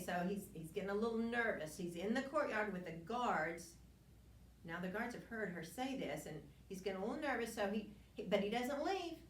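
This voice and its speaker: A woman's voice: mid-range voice, a little hiss or hum. A woman teaching a Bible lesson, retelling scripture in an earnest storytelling way with frequent restarts and asides. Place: church classroom. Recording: roomy, distant mic with faint ambience.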